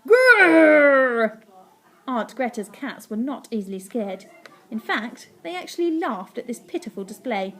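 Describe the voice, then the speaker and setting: A woman teacher reading a story aloud to her class, animated and playful, with sound effects. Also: a little high, normal speed.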